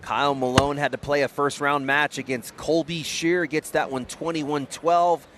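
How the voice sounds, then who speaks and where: A man giving brisk, excitable play-by-play commentary on a tournament match. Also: on the high side, background noise. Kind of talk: sports commentary.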